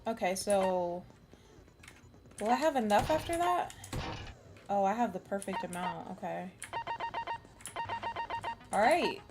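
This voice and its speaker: A woman's voice: mid-range voice, animated, slow pace, pauses often. Young woman streamer, casual, nervous chatter full of swearing, faint game music under her voice. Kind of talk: casual live-stream chat.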